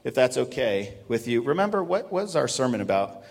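A man preaching a sermon to his congregation, at times breaking into a loud shouted drill cadence. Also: medium pitch, sing-song, fairly quick, gravelly, big-room sound. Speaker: pastor. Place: church sanctuary.

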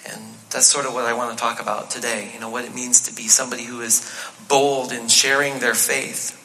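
A man preaching a sermon in a conversational, animated way, acting out the quotes in the passage. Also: medium pitch, slight background noise. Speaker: pastor. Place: church auditorium. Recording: live reverb of a church hall.

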